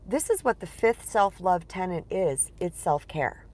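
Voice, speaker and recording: Chatty woman coach, lively livestream talk. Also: lowish voice, measured pace. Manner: chatty, digressive, animated storytelling. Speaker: relationship coach.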